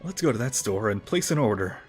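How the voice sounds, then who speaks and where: A man's voice: lowish voice, big pitch swings, fairly quick, soft background music. A man streaming a video game, joking around and reading the dialogue aloud. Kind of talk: casual gameplay commentary.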